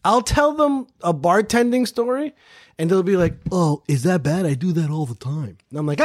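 A man's voice: high-pitched, expressive, moderate pace. A man hosting a podcast, telling a casual, profane story and repeating phrases for emphasis. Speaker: podcast host.

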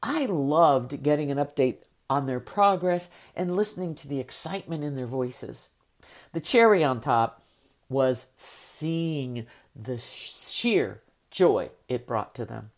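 Woman podcast host and coach, low voice, upbeat and emphatic, voice still recovering from raspiness. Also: animated, takes it slowly. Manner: upbeat, emphatic, direct address to listeners. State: recovering from a raspy voice. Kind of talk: motivational podcast monologue.

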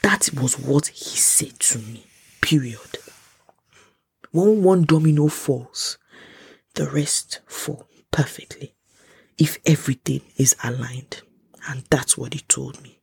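A Nigerian woman hosting a casual solo podcast, animated and often dropping into a whisper. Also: very deep voice, slow, creaky, pauses often, slightly rough, dry recording. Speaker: podcast host. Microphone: close podcast mic.

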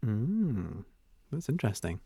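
A man's voice: fairly low pitch, big pitch swings, measured pace, vocal fry, mellow, husky, no room sound, studio quality. A man co-hosting a casual comedy chat, talking in a chatty, thoughtful way. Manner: chatty, thoughtful, trails off with fillers. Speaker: co-host.

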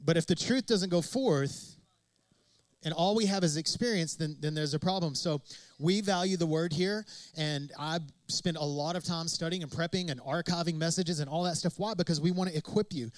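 A man's voice: fairly high pitch, brisk, dry recording, poor audio. A man preaching a sermon as pastor, emphatic and repetitive, asking rhetorical questions of his congregation.

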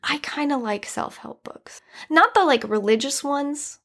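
A woman's voice: high voice, lively intonation, unhurried, fairly bright tone. A young woman hosting a podcast, talking alone in a chatty, earnest way with many fillers. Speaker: podcast host. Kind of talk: casual solo monologue.

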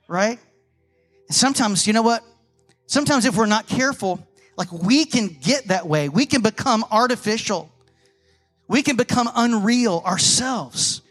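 High-voiced, bright preacher man. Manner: animated storytelling with rhetorical questions. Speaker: pastor. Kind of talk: sermon.

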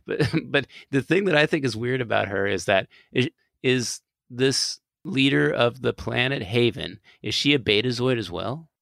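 Podcast co-host, man, low gravelly voice, rambling chat, dry close mic. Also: animated, normal speed, hardly any pauses, a bit bright, no room sound. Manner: rambling, stammering restarts, laughs a lot. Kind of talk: casual chat.

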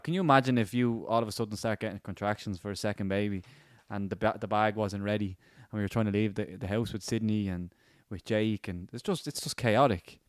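A man's voice: on the low side, no echo. An Irish man co-hosting a casual chat podcast, with dry, defensive banter. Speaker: podcast co-host.

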